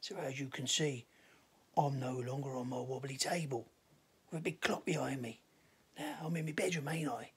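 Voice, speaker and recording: A man's voice: mid-range voice, normal speed, breathy edge. A middle-aged man with a put-on Cockney accent playing a boastful, swaggering geezer in a comic monologue recorded in his bedroom. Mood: sheepish. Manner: boastful, cheeky, swaggering delivery. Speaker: comedy vlogger.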